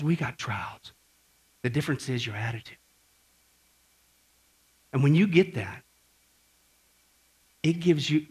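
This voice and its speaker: A man's voice: medium pitch, slightly rough. A male pastor preaching an emphatic sermon and quizzing the congregation.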